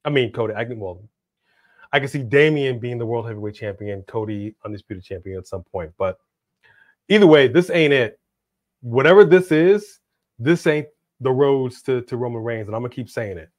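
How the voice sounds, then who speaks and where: A man's voice: medium pitch, animated, moderate pace, a little mellow, no room sound, clean studio sound. A man co-hosting a live wrestling prediction stream, chatting casually and now and then bursting into a hype-announcer delivery.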